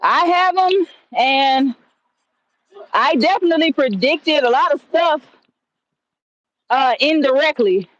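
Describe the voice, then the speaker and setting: A woman chats through a casual livestream in a high voice, drifting through her story at an easy, slow pace. She rambles, doubling back with fillers and restarts as she goes. The sound comes off her phone, muffled and lo-fi. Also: expressive, fairly bright tone. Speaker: livestream host. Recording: dull lo-fi stream audio.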